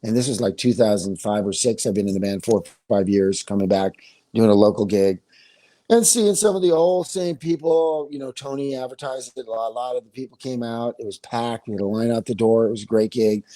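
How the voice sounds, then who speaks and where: Man, middling pitch, rambling storyteller, casual video call chat. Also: fairly quick, warm tone. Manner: rambling storyteller, many restarts. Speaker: musician guest.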